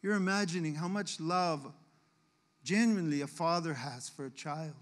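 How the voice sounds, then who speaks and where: A man's voice: on the high side, moderate pace, big-room sound. A man giving an earnest, emotional testimony as a guest speaker in a church service, telling his story to the congregation. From Canada. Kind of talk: sermon testimony. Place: church sanctuary.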